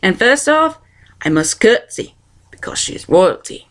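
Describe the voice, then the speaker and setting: A woman's voice: medium pitch, very animated, unhurried. A woman voicing a rustic, hopeful twelve-year-old servant girl who speaks in folksy dialect. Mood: eager.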